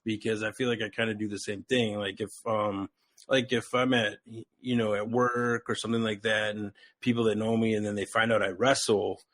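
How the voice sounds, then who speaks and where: A man's voice: fairly low pitch, little pitch movement, fairly quick, fairly bright tone, no echo, clean studio sound. A man hosting a wrestling podcast, talking casually with lots of "like" and frequent laughter. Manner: rambling, heavy use of "like", laughs often.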